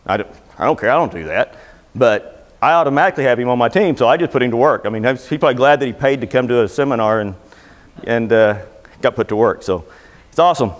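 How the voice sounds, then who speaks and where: Speaking fast at medium pitch, a middle-aged man delivers a motivational talk before a live seminar audience, and the room leaves a long reverb tail. He keeps it folksy and conversational, telling jokes and anecdotes.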